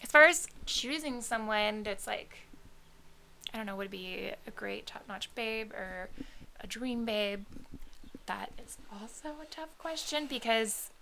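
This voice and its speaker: A woman's voice: fairly high pitch, expressive, measured pace, gravelly, bright, forceful tone, a little hiss or hum. A woman co-hosting a casual chat, talking in a hesitant way with lots of fillers. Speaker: podcast co-host.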